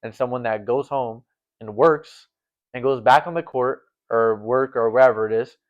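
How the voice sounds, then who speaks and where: A man's voice: medium pitch, normal speed. A young man in his late teens talking casually and earnestly, rambling with lots of fillers. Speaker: guest, former volleyball setter. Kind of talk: casual conversational chat. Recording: dull lo-fi recording.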